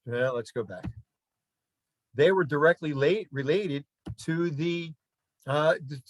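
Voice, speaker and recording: A man's voice: on the high side, slow, no echo, poor audio. A middle-aged man giving a casual history lesson over slides, folksy and conversational, with asides and fillers. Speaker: history teacher.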